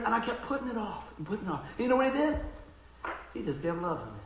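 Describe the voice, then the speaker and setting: A man preaching with a fervent, folksy manner that keeps calling for an amen. His voice sits high for a man. It rings out through a roomy, echoing sanctuary. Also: big pitch swings, quick pace, slight background noise. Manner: fervent, folksy, calls for amens. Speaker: pastor. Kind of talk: sermon.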